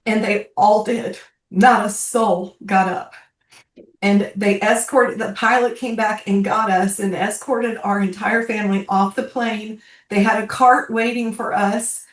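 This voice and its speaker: An older woman in her sixties tells a deeply personal story, halting and heartfelt, her voice lifting high when the memory gets to her. She sits some way back from her mic, and the room rings around her. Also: steady tone. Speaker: guest speaker, bereaved military mother. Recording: roomy, distant from the mic.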